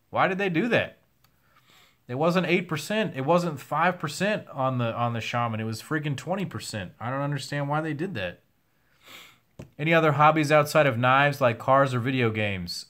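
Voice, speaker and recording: A man's voice: medium pitch, fairly bright tone. A young man answering viewer questions on a casual livestream, candid and a bit profane, his voice wearing out. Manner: candid, swears now and then, reads chat questions aloud. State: losing his voice.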